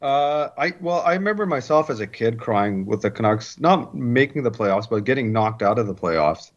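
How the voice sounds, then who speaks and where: A man's voice: medium pitch, lively intonation, moderate pace. An easygoing man in his thirties, a podcast guest who talks hockey and family. He speaks loosely and often repeats words. The recording sounds a little dull. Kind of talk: casual conversation.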